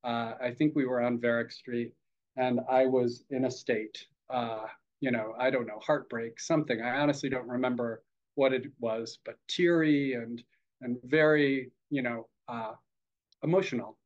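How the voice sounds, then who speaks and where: A man's voice: medium pitch, steady tone, moderate pace. Man giving a reflective dharma talk. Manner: reflective, hesitant, with many fillers and gentle humor. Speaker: Zen teacher. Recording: dull lo-fi podcast audio.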